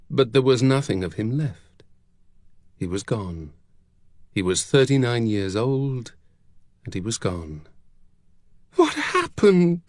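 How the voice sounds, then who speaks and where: A man narrating an audiobook with expressive, dramatic storytelling. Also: fairly low pitch, no room sound, clean studio sound.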